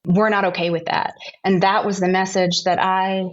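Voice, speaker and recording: A woman's voice: medium pitch, flat delivery, normal speed. Earnest woman sharing her story, lo-fi. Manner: earnest, personal, searching for words. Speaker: patient advocate. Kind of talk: personal testimony in a panel conversation.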